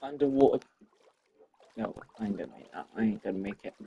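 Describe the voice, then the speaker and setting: A woman giving casual, excitable commentary while playing a game and talking to the animals in it. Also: extremely low pitch, fairly quick, gravelly, husky, muffled recording. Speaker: gaming video creator.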